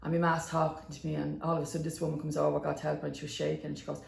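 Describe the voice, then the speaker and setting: Middle-aged Dublin woman, gravelly, lively storyteller, echoey room. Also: low voice, very fast. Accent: Dublin Irish. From inner city Dublin. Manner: lively storyteller, acts out quotes. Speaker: guest. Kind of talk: storytelling in a podcast interview. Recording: roomy room echo.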